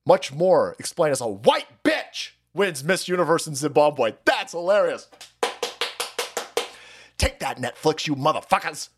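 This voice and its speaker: A man's voice: on the high side, very animated, slightly rough. Profane, sarcastic male streamer. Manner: mocks people by putting on quick voices. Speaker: livestream host. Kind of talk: ranting livestream commentary.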